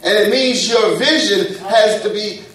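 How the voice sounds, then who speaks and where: High-voiced man preaching in an echoey church. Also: measured pace, a bit bright. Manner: call-and-response preaching, folksy and humorous. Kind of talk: sermon. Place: church sanctuary. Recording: echoey church room, mic at a distance.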